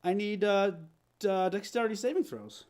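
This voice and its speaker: This man narrates a tabletop game as guest game master, with a voice a little higher than most men's. He tells the story with animated energy and laughs often. He stumbles and restarts as he goes. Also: moderate pace.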